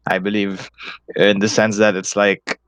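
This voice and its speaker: A man's voice: fairly low pitch, flat delivery, measured pace, a bit bright, clean tone, no echo. A young man from the Philippines with a Filipino accent, co-hosting a casual podcast chat, rambling, swearing often and laughing. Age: young adult. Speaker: podcast co-host.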